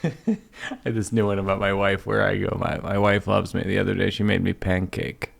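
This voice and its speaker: A man hosting a podcast, a comedian working out a stand-up bit in conversation with a wry, deadpan delivery. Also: low voice, brisk, gravelly, soft background music.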